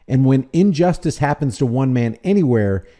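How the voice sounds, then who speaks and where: A man narrating commentary over a video in a mellow, warm tone. His delivery is fiery and emphatic, and his pitch swings widely as he drives each point home. He sounds like a passionate preacher of rights. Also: animated, normal speed.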